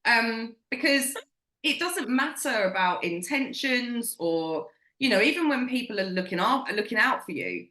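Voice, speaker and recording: A woman's voice: a little high, animated, measured pace, sharp tone, echoey room. A British woman in her forties co-hosting a podcast, talking in a blunt, emphatic way and swearing freely. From Britain. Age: 40s. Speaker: podcast co-host. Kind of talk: casual chat.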